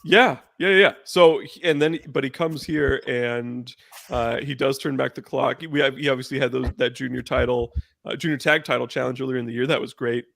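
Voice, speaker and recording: A man's voice: medium pitch, fairly even intonation, moderate pace, creaky, a bit bright, no room sound. A man hosting a casual podcast, chatting loosely with fillers and restarts. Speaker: podcast host. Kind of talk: casual chat.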